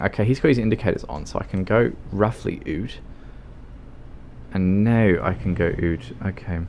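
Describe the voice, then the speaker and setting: A man's voice: fairly low pitch, animated, moderate pace, a little mellow. A tipsy man with an Australian accent chatting and giggling with viewers on a gaming livestream. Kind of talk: casual gaming livestream chat.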